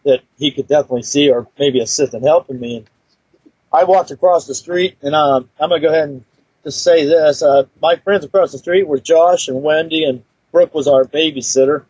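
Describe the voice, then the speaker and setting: A man's voice: on the high side, a little fast, a little mellow, breathy edge, dry recording. A man telling a personal story in a casual, rambling way, with many fillers and restarts. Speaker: guest storyteller. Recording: dull lo-fi recording, dry.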